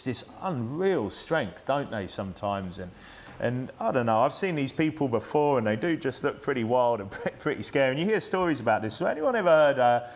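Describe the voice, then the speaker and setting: A man with a British accent preaching a sermon in a church, talking conversationally with frequent restarts and tag questions. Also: mid-range voice. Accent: British English. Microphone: plugged-in microphone.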